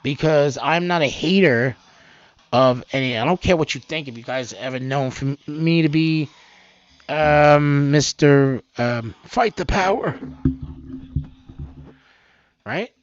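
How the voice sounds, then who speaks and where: A man hosting a homemade news channel, rambling through the stories with loud outbursts and low mutters. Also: slow pace, long pauses, no echo. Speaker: host of an amateur news channel. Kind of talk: rambling off-the-cuff news commentary. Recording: dull, lo-fi, dry sound.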